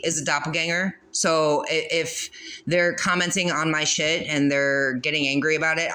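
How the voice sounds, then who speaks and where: A woman's voice: deep voice, a bit bright. A woman doing a casual spiritual card reading, blunt and profane, laughing often as she talks. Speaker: tarot reader.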